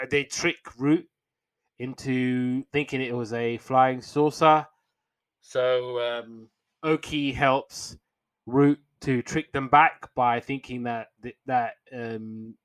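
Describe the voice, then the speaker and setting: Slow, bright-voiced man retelling cartoons. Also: medium pitch, clear, resonant tone, no room sound. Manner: rambling, with fillers and restarts. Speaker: podcast host reviewing old cartoons. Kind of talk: casual retelling of episodes.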